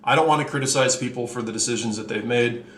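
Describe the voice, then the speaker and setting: Male vlog host, mid-pitched, candid and blunt, a bit short of breath, echoey room with faint background hum. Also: fast talker. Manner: candid, blunt, rambling with fillers. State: a little out of breath. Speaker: channel host reviewing watches. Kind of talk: casual vlog talk to camera.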